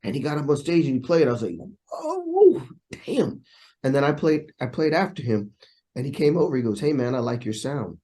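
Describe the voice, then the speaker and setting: Speaking fast in a dark-toned, mid-range voice, a trumpet player being interviewed chats casually through his stories. He acts out the voices of those he quotes along the way.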